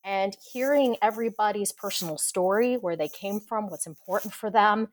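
An expressive woman speaking as a podcast guest, telling her stories with passion and frequent laughter. Her voice sits at a middle pitch. She chats casually in a relaxed interview. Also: moderate pace, dry recording.

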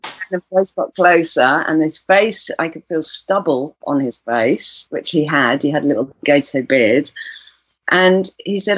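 A woman with a low voice recounts a personal experience as an interview guest, earnest and pausing to search for words. Her tone is husky, and the recording is close and dry with no room sound. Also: no room sound, highs cut off. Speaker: guest, composer and musician.

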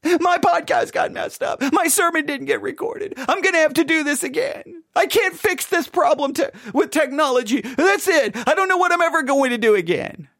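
A man's voice: very high-pitched, lively intonation, normal speed, vocal fry, a bit bright, dry recording, studio quality, pitched above the performer's own voice, exaggerated voice. A man voicing a self-pitying grown man who whines, near tears, over his small troubles. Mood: whining.

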